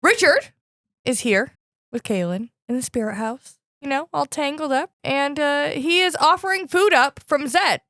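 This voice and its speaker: A woman with a high, bright voice that swoops up and down as she chats on a podcast. She is giggly and playful, recapping a story and tossing in goofy quoted lines. Her tone stays light and teasing. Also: lively intonation, moderate pace, no echo, studio quality. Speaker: podcast co-host recapping a book chapter. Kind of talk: casual chat.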